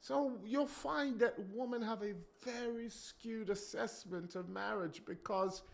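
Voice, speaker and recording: A male preacher giving an animated sermon, acting out quotes and breaking off to comment on himself. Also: sits high, a little slow, vocal fry. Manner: animated, acts out quotes, self-interrupting.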